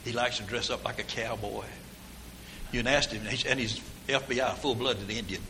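A man's voice: mid-range voice, steady tone, a little fast, bright, forceful tone, slight background noise. Folksy older preacher man. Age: 60s. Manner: rambling folksy anecdotes, down-home grammar. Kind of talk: folksy storytelling sermon.

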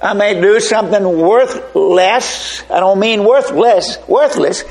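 A pastor preaching a sermon slowly and emphatically, with folksy asides. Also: male voice, sits high, darkish tone.

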